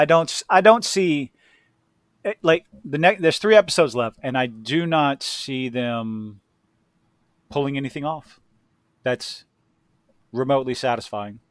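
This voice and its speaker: A man's voice: medium pitch, expressive, takes it slowly, long pauses, no echo, clean studio sound. A man co-hosting a casual podcast chat, crude and ranting, laughing easily. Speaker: podcast co-host.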